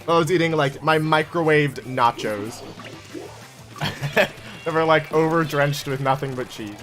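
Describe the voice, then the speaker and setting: A young man chatting casually to his viewers while playing a game, animated and chatty. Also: fairly high pitch, a little slow, soft background music. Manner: animated, chatty, talks to chat. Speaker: game streamer. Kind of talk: casual live-stream chat while gaming.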